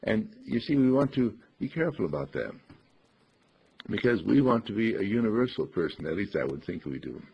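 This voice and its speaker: A man teaches clear speech in an earnest, deliberate way, often clearing his throat. His low voice is very husky and gravelly. The recording is dull and lo-fi. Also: very animated. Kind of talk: instructive talk on clear speech.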